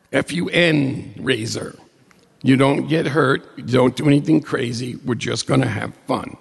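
A middle-aged man from New York State tells a funny personal story to an audience, mocking himself as he builds excitement. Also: medium pitch, gravelly, breathy edge, long reverb tail. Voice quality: blind.

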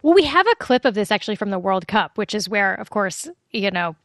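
Gravelly-voiced woman host, dry sound. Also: mid-range voice, very animated, a little fast, a bit bright, dry recording. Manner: curious, conversational. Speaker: radio host. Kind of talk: interview hosting.

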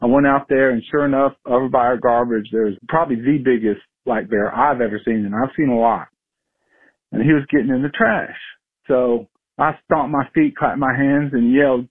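A male caller telling a lively story over the phone with a husky voice, acting out his shouts. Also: mid-range voice, moderate pace, no room sound. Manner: animated, acts out his yelling. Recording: tinny phone line.

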